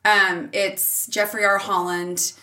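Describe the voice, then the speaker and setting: A middle-aged woman, a mother and teacher, telling a family story as a podcast guest, animated and laughing often, with big leaps in pitch when she quotes herself. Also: slow pace, distant mic. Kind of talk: casual storytelling in an interview.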